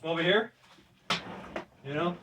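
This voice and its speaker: A man's voice: a little high, measured pace, bright, forceful tone, far from the mic, slight background noise. Chatty older man in a home gym. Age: 60s. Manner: loose and chatty, laughs often, says "right?" a lot. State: breathing deeply between sets. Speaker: fitness presenter. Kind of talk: casual workout demonstration. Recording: voice from off the mic.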